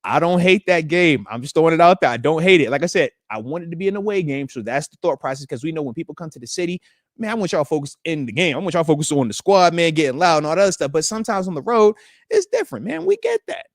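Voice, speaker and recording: A retired football player in his thirties hosts a live stream, reading comments in casual chat. His voice is high and fast, and he's animated, slangy and teasing, saying "man" a lot. The sound is dry and close with no room sound.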